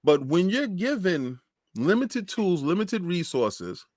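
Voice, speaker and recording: A man co-hosting a gaming podcast who tells stories in an animated, emphatic way. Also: high-pitched, slow pace, no room sound, studio quality. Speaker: podcast co-host. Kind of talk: casual podcast chat.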